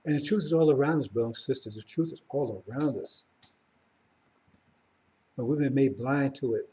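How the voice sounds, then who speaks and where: A man's voice: mid-range voice, mellow. A middle-aged man giving a rambling live-streamed religious talk, correcting himself and then building to fervent emphasis. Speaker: religious teacher.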